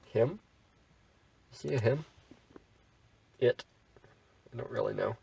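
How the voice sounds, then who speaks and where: A gamer reads an AI text adventure aloud, dropping wry, bemused asides between passages as he plays. His medium-pitched voice is slow, gravelly, husky, and dark-toned, with long pauses. He's recorded from a distance, and the recording is rough.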